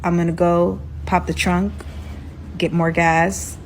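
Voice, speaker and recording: Woman putting on a curt, threatening young fugitive, flat and menacing. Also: lowish voice, slow, a little hiss or hum, voice pushed down. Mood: blunt. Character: menacing young man on the run.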